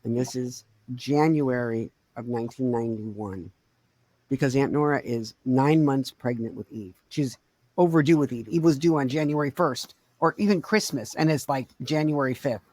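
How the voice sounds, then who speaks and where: A middle-aged woman co-hosting a podcast, telling a family story in casual chat, swinging between quiet and loud. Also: rumbling low, moderate pace, dry recording. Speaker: podcast co-host.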